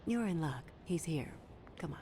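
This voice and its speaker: A sultry, low-voiced club hostess. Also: female voice, expressive, moderate pace. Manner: soft, sultry, half-whispered. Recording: game audio with clear background noise.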